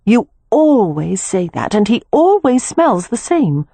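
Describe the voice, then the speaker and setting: A woman reading an audiobook, voicing a lively young woman who is amused and a little skeptical. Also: medium pitch, slow pace, vocal fry, slightly rough, no room sound, pitched above the performer's own voice, full character voice. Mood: wry. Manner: wry and teasing.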